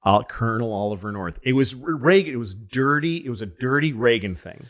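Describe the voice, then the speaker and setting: A man's voice: mid-range voice, animated, brisk, fairly bright tone. A man telling casual, rambling, profane stories and often correcting himself. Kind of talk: casual comedic storytelling.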